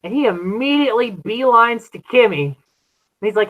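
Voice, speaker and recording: A man hosting a casual podcast chat, retelling scenes with lively acted-out quotes. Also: normal speed, narrow, tinny audio. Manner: animated, acts out quotes with big pitch jumps. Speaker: podcast host. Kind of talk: casual chat recapping episodes.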